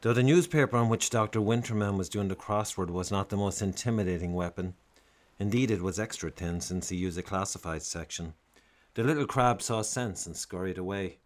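A man's voice: sits low, fairly quick. A man narrating a comic story in a wry, theatrical way.

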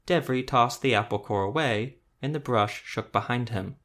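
A male narrator reading a fantasy tale in a mid-range voice. His delivery is steady and even, paced for listening. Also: mid-range voice, normal speed. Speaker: audiobook narrator. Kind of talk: scripted narration.

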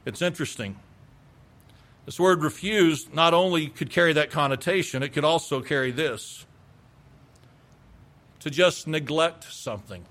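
A man's voice: a little high, measured pace, long pauses, fairly bright tone. A middle-aged male pastor preaching a sermon with emphasis, acting out the replies people give. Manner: emphatic, acts out quoted replies.

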